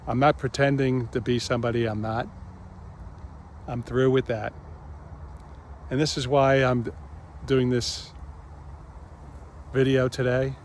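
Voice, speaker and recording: A man hosting his own reflective spiritual vlog, speaking gently and pausing often. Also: medium pitch, level tone, a little hiss or hum. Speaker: channel host.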